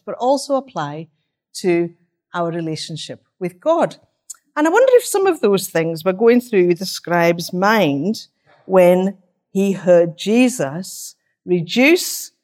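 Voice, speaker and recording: A woman preaching an interactive sermon. She talks in a conversational teaching manner, asking rhetorical questions and pausing to let listeners talk among themselves. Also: medium pitch.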